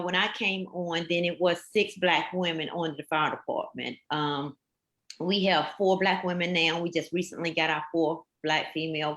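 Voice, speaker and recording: A woman, in her fifties, speaks in a fairly low voice and tells her story earnestly and with emphasis. She repeats phrases for weight. The recording has the roomy echo of a hall. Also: fairly bright tone. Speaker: firefighter captain, panelist. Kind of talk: storytelling on a panel. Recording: echoey room.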